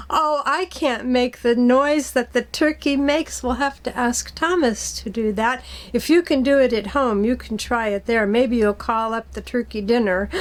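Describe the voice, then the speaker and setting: A middle-aged woman telling a story to children, gentle and patient, asking them questions as she goes. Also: fairly high pitch.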